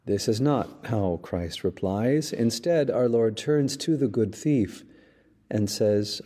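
A priest hosting a podcast, giving a measured sermon-style reflection with dramatic storytelling. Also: male voice, mid-range voice, lively intonation, dark tone, slightly rough.

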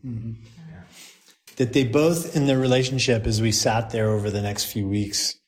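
A man's voice: medium pitch, steady tone, normal speed. A middle-aged man, a priest, telling a story to a group, acting out the people he quotes and laughing often.

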